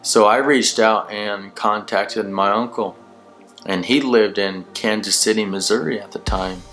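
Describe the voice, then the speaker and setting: A man with a fairly low voice recounts his life story in a loose, conversational way. He drifts from point to point and leans on casual fillers. Clear music plays underneath his voice. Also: fairly even intonation, a little slow, fairly bright tone. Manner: rambling, laid-back, many "you know" fillers. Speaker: channel host sharing his testimony. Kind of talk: casual personal testimony storytelling. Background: background music.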